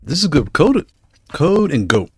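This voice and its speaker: A man giving excited, trash-talking play-by-play of his own fighting game matches. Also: fairly high pitch, a little slow, husky, no echo, clean studio sound. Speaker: gaming channel host. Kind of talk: live gameplay commentary. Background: fighting game music and sounds.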